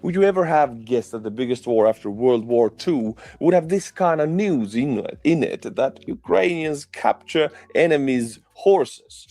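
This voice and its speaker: A man's voice: medium pitch, expressive, measured pace, hardly any pauses, warm tone, no room sound. Friendly man giving war news. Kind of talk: video commentary.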